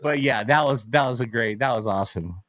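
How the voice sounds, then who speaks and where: A man co-hosting a casual sports podcast, telling an animated story and swearing freely. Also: medium pitch, fairly quick. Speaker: podcast co-host.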